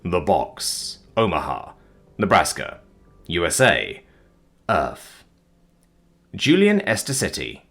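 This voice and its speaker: Rich: A man narrating a story with a breathy voice and extremely animated pitch. His storytelling is expressive, rising and falling widely through each line. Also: slow, long pauses. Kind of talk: audiobook narration of fiction.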